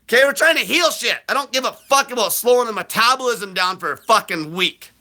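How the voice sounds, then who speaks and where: High, bright shouting ranter, man. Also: expressive. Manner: profane, blunt, aggressive; fast bursts of shouting. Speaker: host answering viewer questions. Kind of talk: live Q&A rant.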